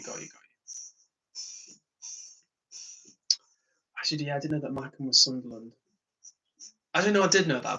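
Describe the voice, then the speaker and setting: A man's voice: medium pitch, gravelly, sharp tone, poor audio. A tired, yawning man hosting a live stream, reading chat comments aloud, chatting casually and laughing often. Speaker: livestream host.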